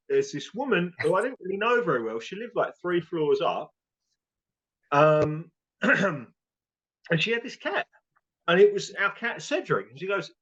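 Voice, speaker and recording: Animated man telling a story. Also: fairly high pitch. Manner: animated anecdote with acted-out quotes. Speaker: family member telling a story. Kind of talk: casual storytelling. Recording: dull lo-fi recording.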